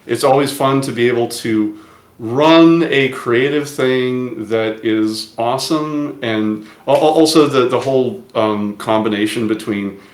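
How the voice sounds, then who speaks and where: A man's voice: medium pitch, unhurried. A man being interviewed as an event organizer who often restarts his sentences and laughs easily, in casual chat over a video call. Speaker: demoparty organizer, interview guest. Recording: echoey room.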